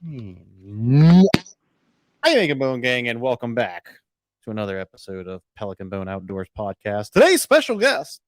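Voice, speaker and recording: Rambling jokey podcast host. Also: male voice, lowish voice, a little fast, fairly bright tone, clear, resonant tone, no room sound. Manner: rambling, jokey, self-interrupting. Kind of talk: casual podcast chat.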